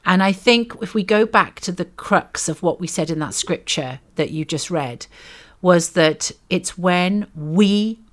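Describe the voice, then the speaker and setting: Reflective Welsh woman, lowish voice. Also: unhurried, hardly any pauses. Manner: reflective, teaching tone, frequent ums and asides. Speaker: podcast co-host. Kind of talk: faith podcast conversation.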